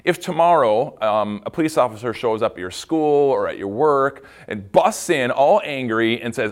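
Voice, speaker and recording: A male pastor giving a devotional talk, his voice rising and falling a lot as he tells the story. He is animated and chatty, doubles up on words and throws in playful asides. His pitch sits in the middle for a man. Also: moderate pace, few pauses. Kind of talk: devotional talk for kids and adults.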